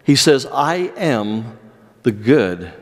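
A pastor preaching an earnest sermon, with measured delivery and dramatic pauses. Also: male voice, medium pitch, sing-song. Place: church sanctuary. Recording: long church reverb.

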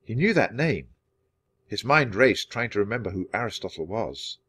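A man reads a children's chapter book aloud, clear and steady, at a medium pitch. His intonation is lively and rises and falls across each sentence. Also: moderate pace, dry recording. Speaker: storybook reader.

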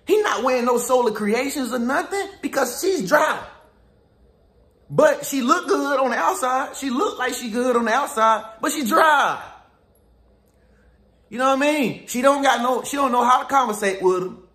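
A man's voice: very high-pitched, animated, moderate pace, bright, forceful tone, roomy sound. A man giving a slangy, jokey pep talk as a relationship advisor. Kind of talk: casual pep-talk monologue.

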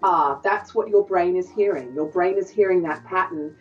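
Woman dialect coach, lowish voice, chatty and thoughtful, heard from off-mic, dull sound. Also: moderate pace, recorded from a distance. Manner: thoughtful, conversational, hesitant phrasing. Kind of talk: interview answers.

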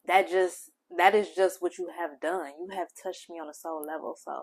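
Low-voiced woman giving gentle affirmations. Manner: gentle, heartfelt, speaks directly to the listener. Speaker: spiritual channel host. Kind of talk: affirming spiritual message to the viewer.

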